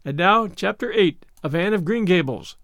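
A man narrating a classic novel as an audiobook, measured and expressive. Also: sits high, creaky.

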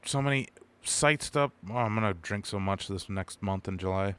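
A man's voice: lowish voice, normal speed, a bit bright, smooth, dry recording. A man with an Upper Midwest American accent, co-hosting a casual podcast and telling crude, rambling stories full of swearing. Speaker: podcast co-host.

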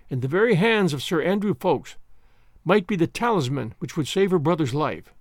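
A man narrating a classic novel in an expressive, dramatic reading. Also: a little high, dry recording, clean studio sound. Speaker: audiobook narrator.

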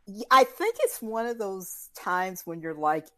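A woman's voice: medium pitch, unhurried, dry recording. A woman telling stories in a casual chat, acting out what people said. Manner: storytelling with lively acted-out quotes.

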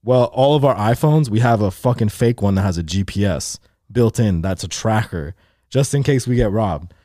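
A young man co-hosting a podcast, telling a story in casual chat, profane and animated, acting out other people's lines. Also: on the low side, moderate pace, no room sound, clean studio sound. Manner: animated, profane, acts out quotes. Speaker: podcast co-host.

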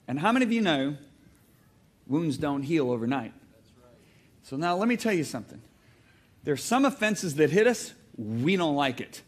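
A man preaching a sermon to a congregation, telling stories in an animated way with loud outbursts and calls for the crowd to answer back. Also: medium pitch. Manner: animated storytelling, bursts into loud exclamations. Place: church hall before a congregation.

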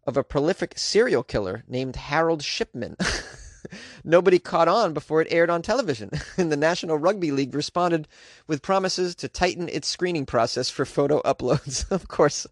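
A man's voice: fairly high pitch, lively intonation, moderate pace, no room sound, studio quality. A man hosting a comedy news podcast, chatting casually with slangy asides and frequent laughs.

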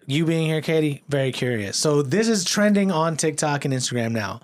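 A man's voice: fairly high pitch, lively intonation, brisk. A young man co-hosting a podcast, chiming in with slang and swearing in a casual chat. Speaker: podcast co-host.

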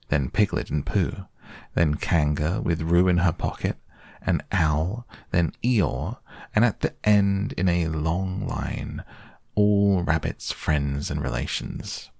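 A man narrating a children's story in a soft, slow, calm bedtime reading. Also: low-pitched, vocal fry, no echo, studio quality. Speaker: podcast narrator.

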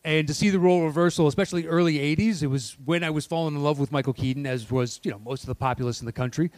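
Young guy on a podcast, a bit high voice, dry close mic, laughs a lot. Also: very fast, darkish tone, no room sound. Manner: chatty, laughs easily, jokey asides. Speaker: podcast co-host. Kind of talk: casual movie-ranking chat.

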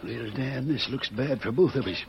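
A man's voice: medium pitch, moderate pace, vocal fry, natural voice. An actor playing a folksy, plainspoken older male sheriff who exclaims in a country drawl, in 1940s radio acting style. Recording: dull old radio recording with hiss.

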